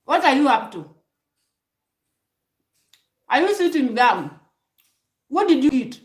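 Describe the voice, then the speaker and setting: A woman's voice: sits high, big pitch swings, slow pace, reverberant. A woman vlogger giving emphatic, preachy relationship advice straight to her viewers, prodding them with rhetorical questions. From Kenya. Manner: emphatic, preachy, rhetorical "hmm?" prompts, frequent restarts. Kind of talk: direct-to-camera advice monologue.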